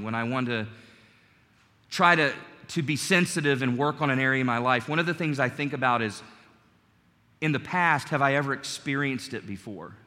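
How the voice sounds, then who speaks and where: Preacher guy in his 40s, bright tense voice, long echo, earnest storytelling sermon. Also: medium pitch. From North Carolina. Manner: storytelling, earnest, rising emphasis. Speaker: pastor.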